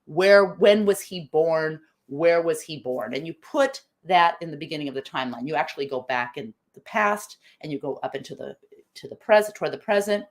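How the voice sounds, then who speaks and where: A woman's voice: low voice, normal speed. A middle-aged woman from the United States hosts a live-stream talk, thinking aloud, restarting phrases and reading out viewer comments. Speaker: live show host.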